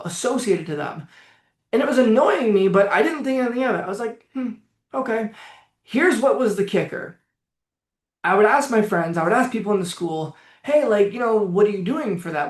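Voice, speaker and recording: A man in his late twenties, working as a coach, telling his story in blunt, casual talk with frequent swearing. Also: high voice. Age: late 20s. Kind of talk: casual direct-to-camera talk. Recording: echoey room.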